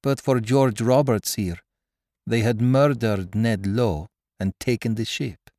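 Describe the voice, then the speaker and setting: A man's voice: mid-range voice, slow pace, warm tone, dry recording, studio quality. A man voicing a smirking, wild sailor speaking with mocking ease.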